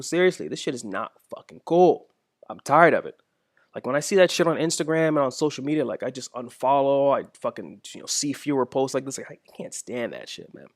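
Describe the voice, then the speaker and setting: A man's voice: mid-range voice, no room sound, clean studio sound. A young man hosting a podcast, ranting casually with heavy profanity, emphatic and repetitive. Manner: profane, emphatic, repeats himself. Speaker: podcast host. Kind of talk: casual monologue rant.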